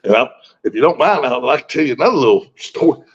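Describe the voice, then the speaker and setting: A man's voice: mid-range voice, expressive, fast, breathy edge. Folksy blunt man in his sixties, muffled. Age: 60s. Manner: folksy, blunt, swears freely, restarts often. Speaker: guest. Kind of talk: casual personal storytelling. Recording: muffled lo-fi recording.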